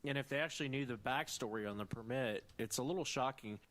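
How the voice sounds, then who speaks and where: A man's voice: mid-range voice, fast talker, fairly bright tone. A man interviewing guests, laying out the backstory before he asks his question.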